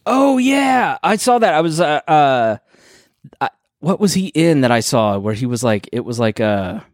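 A man co-hosting a podcast, chatting casually with easygoing teasing and halting restarts. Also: a little high, sing-song, dry recording, clean studio sound. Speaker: podcast co-host. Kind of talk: casual chat.

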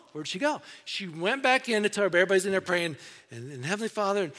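A man's voice: high voice, animated, racing, a bit bright. A man preaching a sermon as pastor in a conversational storytelling way, acting out little voices. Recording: long reverb in a hall.

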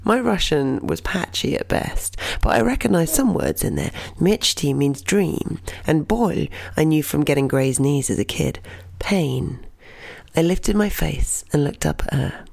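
Gravelly, expressive storytelling teacher. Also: medium pitch, a little slow, no echo. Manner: expressive, dips into soft whispers. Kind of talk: told personal story and lesson.

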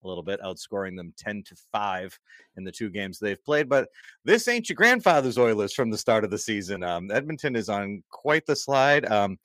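A man hosting a casual hockey podcast, animated and jokey, often laughing as he talks. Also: on the low side, moderate pace, no echo, clean studio sound. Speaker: podcast host. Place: Massachusetts.

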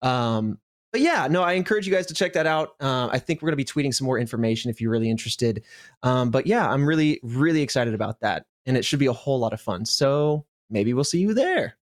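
A man's voice: mid-range voice, animated, quick pace. A man co-hosting a podcast, joking around in a casual chat. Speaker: podcast co-host.

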